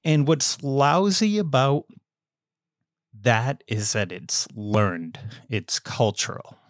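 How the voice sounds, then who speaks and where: An American man guesting on an interview show, talking in animated bursts with frequent stammers and restarts. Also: mid-range voice, slow pace, dry recording, clean studio sound. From United States. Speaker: guest author. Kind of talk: casual interview chat.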